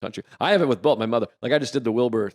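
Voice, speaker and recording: A man's voice: medium pitch, rapid-fire, no echo, clean studio sound. A man from Boston, a comedian guest talking bluntly and profanely with self-deprecating humor in casual podcast chat.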